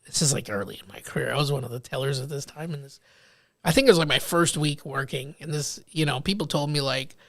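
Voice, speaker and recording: A young man hosting a casual podcast, telling lively stories and acting out the people in them. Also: fairly high pitch, fast, vocal fry, no room sound. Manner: animated storyteller acting out quoted people. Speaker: podcast host.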